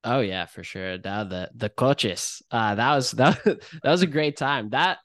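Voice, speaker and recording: A young adult man co-hosts a podcast, chatting casually and reflecting on his college days in a relaxed way, using lots of "like" and "um." His voice is medium-pitched and moderately paced, recorded at studio quality with no echo.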